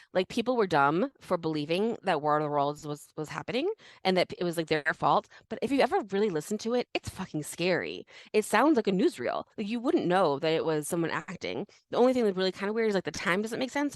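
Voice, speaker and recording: A young woman co-hosting a casual history podcast, animated and full of fillers. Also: fairly low pitch, fast talker, no room sound. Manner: animated, many fillers and restarts. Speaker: podcast co-host.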